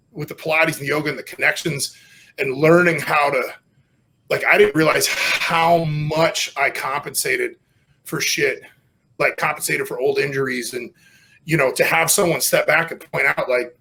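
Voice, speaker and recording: A middle-aged man, a strongman guest on a podcast, telling stories casually with lots of swearing and loud self-mocking outbursts. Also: on the high side, gravelly.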